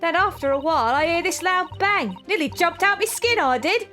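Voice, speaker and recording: A cheeky young pickpocket girl with a British accent chatters in a high, sing-song voice, as a woman plays her in a game let's-play. Her throat sounds a little hoarse. Faint music runs underneath. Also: lively intonation, moderate pace, bright, forceful tone, full character voice. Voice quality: cockney-style slang, rough and cheeky. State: hoarse, voice going.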